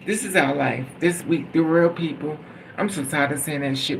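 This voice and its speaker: A man's voice: a little high, moderate pace, creaky, background noise. A man telling a personal story in a casual, rambling way, swearing freely and laughing at his own telling. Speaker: storytime vlogger.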